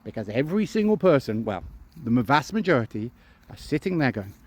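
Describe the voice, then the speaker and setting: A man's voice: mid-range voice, big pitch swings, a little fast, darkish tone. A man, a phobia specialist talking straight to camera and acting out anxious inner voices. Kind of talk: direct-to-camera talk.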